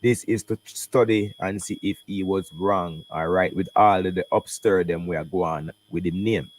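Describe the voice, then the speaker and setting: A Jamaican man hosting a casual reaction stream, talking in patois and English with animated commentary. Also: sits low, moderate pace. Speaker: host reacting to an interview.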